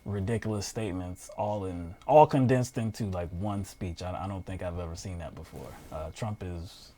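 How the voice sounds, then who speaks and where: A man co-hosting a political talk show, chatting casually and reading news quotes aloud with frequent pauses and fillers. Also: low-pitched, dark tone.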